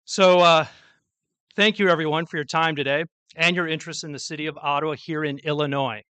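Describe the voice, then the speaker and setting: A man delivers a formal public address as mayor, with a few stumbles along the way. His voice sits a bit high and bright, and it is recorded close and dry. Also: fairly even intonation, fairly quick, clean tone, no echo. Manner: formal prepared speech with small slips, storytelling. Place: public event with an audience.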